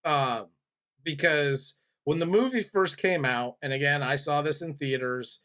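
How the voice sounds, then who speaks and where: A man's voice: on the high side, unhurried, fairly bright tone. Easygoing man hosting a review show. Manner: easygoing, laughs often. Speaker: podcast host. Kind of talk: casual movie review chat.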